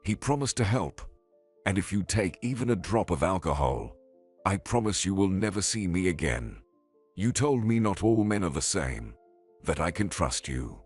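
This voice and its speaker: Caring stern woman, as a deep-voiced guy reads her, husky and low. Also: big pitch swings, moderate pace, faint music behind, exaggerated voice. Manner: pleading then scolding.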